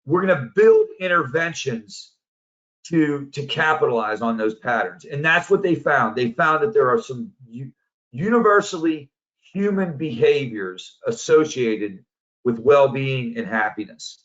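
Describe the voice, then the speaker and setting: A man's voice: medium pitch, expressive, a little slow, a bit bright. A man in a mid-range voice tells a story casually and with energy, as a coach presenting to a group. The audio is dull and lo-fi, as if from a remote talk. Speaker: positive psychology coach, presenter.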